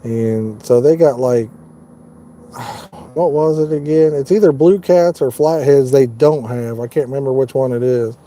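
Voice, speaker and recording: An Indiana man streams live fishing content at night from inside his parked truck, reading viewers' comments and replying as if to friends. He speaks unhurriedly in a very dark, mellow voice of ordinary pitch, with an easygoing, folksy manner.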